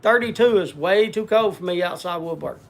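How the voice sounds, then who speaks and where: A man's voice: high-pitched, normal speed, gravelly, slight background noise. A man hosting a casual livestream, rambling as he reads out viewer names with lots of "uh" fillers and chatting to the audience by name. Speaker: livestream host.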